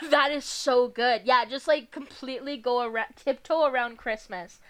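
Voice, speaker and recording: A young woman co-hosting a podcast, lively and quick to swear, her voice sitting a little high. She talks with big swings in energy. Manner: animated, swears a lot, laughs easily. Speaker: podcast co-host. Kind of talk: casual chat.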